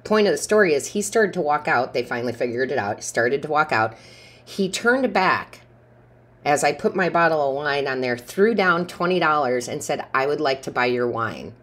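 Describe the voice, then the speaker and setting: A woman with a notably deep, low-pitched voice gives a casual tarot reading. She talks in a rambling, chatty way and often laughs. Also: animated, moderate pace, a bit bright. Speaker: tarot reader.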